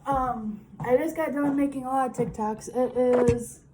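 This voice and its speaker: A woman's voice: high voice, steady tone, unhurried, background noise. A young woman talking to her camera in a casual, rambling vlog with lots of fillers. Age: young adult. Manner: rambling, chatty, frequent fillers. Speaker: vlogger.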